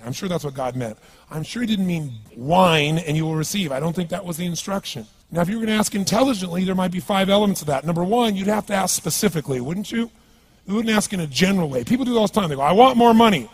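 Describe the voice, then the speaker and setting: Man, motivational seminar speaker, quick-talking, emphatic, rhetorical questions, slightly raised pitch. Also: slightly rough. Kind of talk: seminar talk to a live audience.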